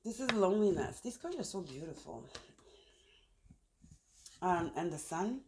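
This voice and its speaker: A woman's voice: fairly low pitch, very animated, unhurried, background noise. Chatty woman reading tarot cards. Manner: chatty, thinks aloud while pulling cards. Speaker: tarot reader. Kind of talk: casual tarot reading to camera. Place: outdoors in the sun.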